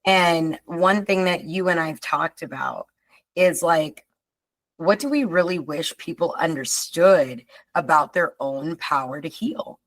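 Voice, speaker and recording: Expressive woman podcast host. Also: sits low, rough recording. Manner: emphatic and expressive, drawn-out asides. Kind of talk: casual chat.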